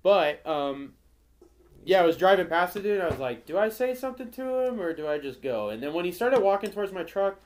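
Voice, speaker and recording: Young man, podcast co-host, slightly high voice, easygoing, faint noise behind. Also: animated, a little fast. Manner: laid-back, says "bro" and "like" a lot. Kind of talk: casual chat.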